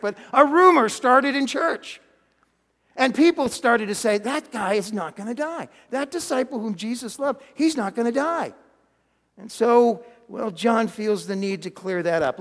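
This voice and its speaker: A male pastor preaching a sermon, animated, with loud exclamations and hushed quiet lines. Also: high-pitched, big-room sound.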